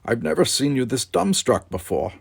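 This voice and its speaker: A man voicing an earnest young man with a lifted, crisp way of speaking. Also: mid-range voice, very animated, normal speed, no echo, pitched above the performer's own voice, full character voice. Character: earnest young man, eager cadet hopeful.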